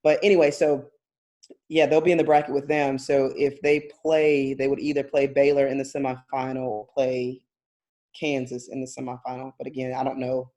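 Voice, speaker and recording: A woman's voice: extremely low pitch, level tone, moderate pace, warm tone. A woman co-hosting a casual sports podcast, talking in long rambling turns, hedging often and laughing between thoughts. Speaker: podcast co-host.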